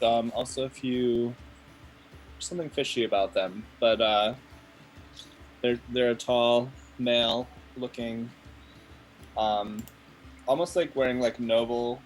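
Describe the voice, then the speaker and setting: A man's voice: medium pitch, takes it slowly, long pauses, rough recording. A man player describing his tabletop character, hesitant with many fillers.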